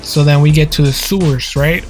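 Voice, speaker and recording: A man's voice: a little high, fairly even intonation, normal speed, darkish tone, faint music behind. A man casually narrating his gameplay in a rambling, joking way. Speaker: gaming video host.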